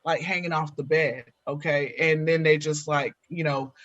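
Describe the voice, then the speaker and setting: A woman co-hosting a podcast in casual group chat, bubbly and halting, with many restarts. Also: low-pitched, fairly even intonation, a bit bright, no echo, muffled recording. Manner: bubbly, talks with lots of restarts. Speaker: podcast co-host.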